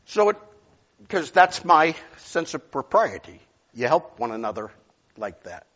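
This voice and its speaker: A male pastor preaching a sermon, telling stories and swinging from loud outbursts to near whispers. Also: a little high, big pitch swings, a little slow, muffled recording.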